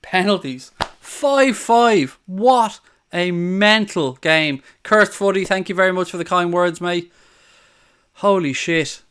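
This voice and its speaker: A man hosts a live football watchalong stream. His voice sits high, bright and clear. He talks excitably, swearing freely and shouting over the big moments. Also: slow pace. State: out of breath. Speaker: watchalong host.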